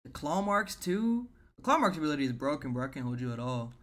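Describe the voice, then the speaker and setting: A man's voice: fairly high pitch, very animated, fast, fairly bright tone. Hyped man reacting to a manga. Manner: hyped slangy reactions, stammering restarts. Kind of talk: casual manga read-along reaction.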